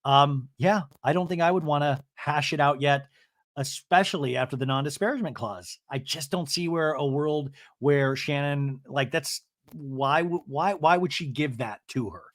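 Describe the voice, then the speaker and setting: A man hosts a podcast, rambling through a comedic reality-TV recap. His voice sits a little higher than most men's, and his delivery is loose and chatty, full of fillers and restarts. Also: moderate pace. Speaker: podcast host.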